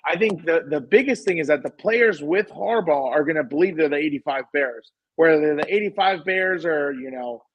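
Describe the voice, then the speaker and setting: A man's voice: a little high, moderate pace, few pauses, no echo, lo-fi sound. A man co-hosting a casual sports podcast, opinionated and emphatic, often repeating himself. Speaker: podcast co-host.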